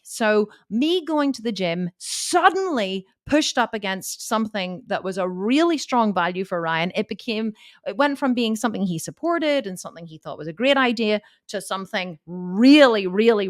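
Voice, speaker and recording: A woman fitness coach telling a personal story to camera in a candid, animated way, swearing freely. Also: mid-range voice, normal speed, no echo, studio quality.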